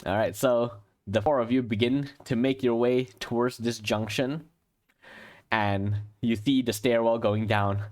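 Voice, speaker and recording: A man running a tabletop horror game as game master, narrating and thinking aloud at an unhurried pace. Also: medium pitch, steady tone.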